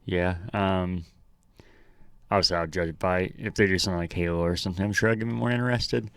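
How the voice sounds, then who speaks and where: Deep, smooth-voiced man chatting. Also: fairly even intonation, a little fast, dry recording, clean studio sound. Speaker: podcast co-host. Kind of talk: casual chat.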